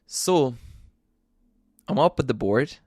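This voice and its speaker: A man's voice: medium pitch, lively intonation, slow, darkish tone, husky, no echo, clean studio sound. A young man, talking alone in a casual, earnest, storytelling way with self-deprecating asides. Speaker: podcast host. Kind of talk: casual monologue.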